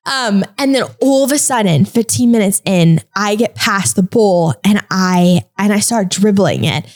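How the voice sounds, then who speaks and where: Young woman podcaster, kinda high voice, rambly animated storytelling, lots of "like". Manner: chatty, animated, filler-heavy storytelling. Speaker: podcast host. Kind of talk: faith-based personal storytelling.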